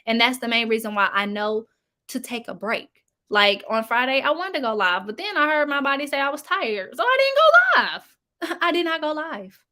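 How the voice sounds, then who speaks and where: A woman's voice: fairly high pitch, expressive, fairly quick, sharp tone. A young woman YouTuber chatting frankly and casually, speaking straight to her viewers. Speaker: commentary YouTuber. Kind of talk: casual commentary chat.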